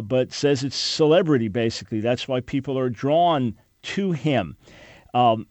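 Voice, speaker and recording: A man's voice: mid-range voice, darkish tone, no echo. A man from New York hosting a radio talk show, speaking earnestly and emphatically with frequent restarts.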